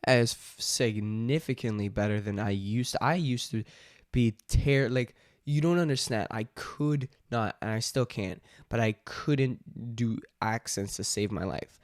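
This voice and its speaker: A man's voice: mid-range voice, a little slow, no room sound, studio quality. A man chatting casually to camera as a vlogger and dungeon master. He rambles, with many fillers and restarts. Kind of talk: casual vlog chat.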